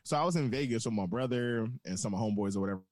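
A man co-hosting a podcast, ranting and telling stories in an animated way. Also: on the low side, very fast, a crowd in the background. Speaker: podcast co-host. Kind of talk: casual chat.

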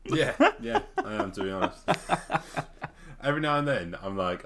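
A man's voice: fairly low pitch, animated, moderate pace, a bit bright, slight background noise. A man co-hosting a podcast, casual and teasing, laughing a lot and swearing now and then. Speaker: podcast co-host. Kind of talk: casual chat.

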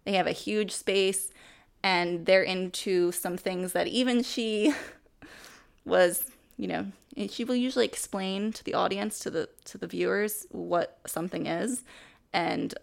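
A woman co-hosting a podcast in casual chat, animated and laughing as she acts out quoted lines. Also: medium pitch, a little slow, vocal fry. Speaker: podcast co-host.

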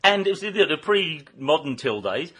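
Husky, bright older man telling stories. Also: fairly high pitch, very animated, normal speed. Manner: rambling anecdotal storyteller, often laughing. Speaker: guest recalling work in a record shop. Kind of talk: casual chat.

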